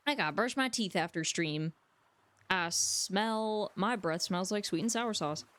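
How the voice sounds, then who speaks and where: A woman livestreamer rambling and joking with her chat from a room at home. Her voice sits in a middling pitch on a dry, close streaming mic with no room echo. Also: measured pace, a bit bright.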